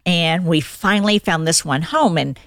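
Older woman, low voice with gravelly fry, lively storytelling, dry close sound. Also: moderate pace, no echo. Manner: animated, acts out quoted lines in the story. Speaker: guest. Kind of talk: casual storytelling.

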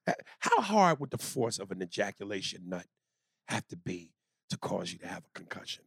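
A man co-hosting a crude comedy podcast, reading listener emails out loud, riffing loudly and slipping into put-on voices and beatbox chants. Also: low voice, very animated, brisk, gravelly, husky, no room sound, studio quality. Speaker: podcast co-host.

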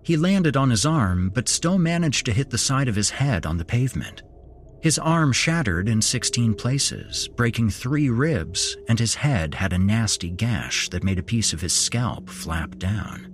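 A man narrating a horror story in a slow, measured storytelling manner as podcast host. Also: mid-range voice, lively intonation, a little hiss or hum.

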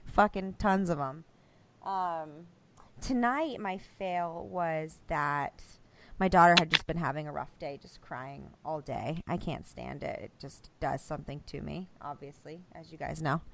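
A woman co-hosting a casual podcast, telling a story with animated, acted-out voices and casual swearing. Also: deep voice, a little slow, creaky, background noise. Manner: swears freely. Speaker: podcast co-host. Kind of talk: casual chat among friends, storytelling.

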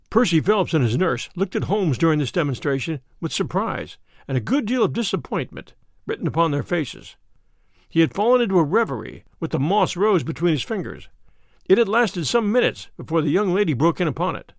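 A man narrating a classic detective story in an expressive, animated manner. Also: fairly high pitch, brisk, no echo, studio quality. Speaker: audiobook narrator.

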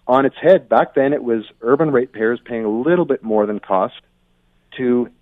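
A guest commentator from Ontario gives blunt, opinionated remarks over a tinny, dry phone line with no echo. His voice is mid-range, his pace moderate, and he often restarts his sentences.

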